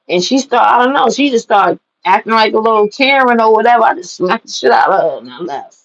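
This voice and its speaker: A woman telling animated, profane personal stories to the camera and laughing at them. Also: fairly high pitch, fast talker, gravelly, muffled recording. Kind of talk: casual storytelling to camera.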